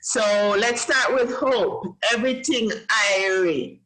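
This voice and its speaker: A woman's voice: a little high, lively intonation, slow, a bit bright, poor audio. Upbeat Jamaican woman teaching kids. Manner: encouraging and upbeat, praises often. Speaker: host teaching children. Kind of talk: casual teaching chat.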